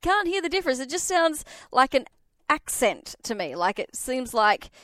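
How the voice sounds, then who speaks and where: Woman radio co-host, chatty, animated, high bright pitch, dry close mic. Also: moderate pace, no echo. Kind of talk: casual radio chat.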